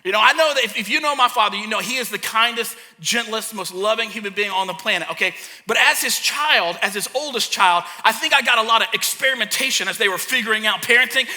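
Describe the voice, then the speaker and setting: A man who is a pastor and a parent, preaching a sermon and acting out a childhood story with lively energy. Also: high-pitched, fast. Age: young adult to middle-aged, a parent. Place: church hall. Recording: long hall reverb.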